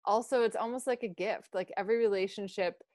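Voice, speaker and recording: A woman's voice: mid-range voice, fairly even intonation, quick pace, a crowd in the background. A young woman guesting on a podcast, talking reflectively with lots of "like" and restarts. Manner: filler-heavy, reflective, many "like"s. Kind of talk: casual chat.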